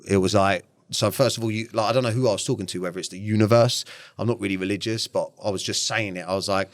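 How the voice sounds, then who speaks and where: Low-voiced frank man. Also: steady tone, no room sound, clean studio sound. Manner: frank and blunt, swears freely, halting restarts. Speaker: podcast guest. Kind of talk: candid interview talk.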